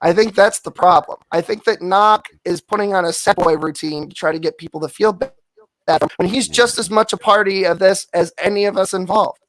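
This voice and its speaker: High-voiced blunt man, dry. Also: steady tone, a little fast, fairly bright tone, dry recording, rough recording. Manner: blunt and exasperated. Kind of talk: casual live-stream chat.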